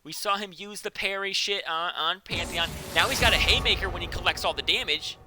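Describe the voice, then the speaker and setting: A man casting a live esports match, joking between quick breakdowns of picks and bans. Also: high-pitched, over music. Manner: joking, excitable, fast analytical patter. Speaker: esports caster.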